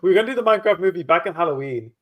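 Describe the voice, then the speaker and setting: A man's voice: high voice, animated, rapid-fire. A man hosting a live writing stream, chatting casually and rambling in loose, half-finished sentences. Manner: easygoing, rambling, trails off mid-sentence. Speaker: livestream host. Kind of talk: casual chat.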